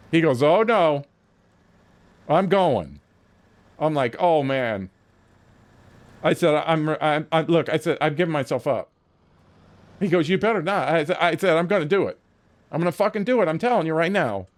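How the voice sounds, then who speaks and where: A man streaming a game, telling a long story casually with lots of swearing and acting out his own lines. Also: fairly high pitch. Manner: profane, animated storytelling with frequent restarts. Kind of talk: casual storytelling while gaming.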